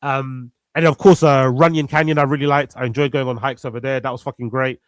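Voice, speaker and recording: A man's voice: medium pitch, fairly even intonation, a little fast, no room sound. A man chatting casually as a guest on a live stream, laid-back and rambling, swearing now and then. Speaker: guest, fellow show host.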